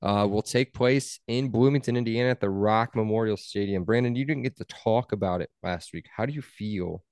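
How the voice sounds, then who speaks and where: Young male podcast host, low voice, dry close sound, wry and teasing. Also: fairly quick, hardly any pauses, darkish tone, clean tone, dry recording. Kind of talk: casual sports podcast chat.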